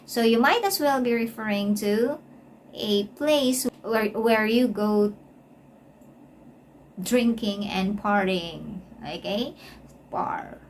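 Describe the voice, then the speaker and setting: A woman's voice: medium pitch, takes it slowly, pauses often, a little hiss or hum. A woman teaching an English lesson, spelling out words letter by letter and often checking in with "okay?". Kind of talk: explanatory lesson.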